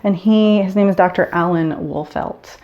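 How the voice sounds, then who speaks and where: A woman's voice: fairly low pitch, normal speed, dull audio. A woman vlogger talking candidly to camera, earnest, often restarting and repeating words. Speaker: vlogger sharing grief story. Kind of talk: personal talk to camera.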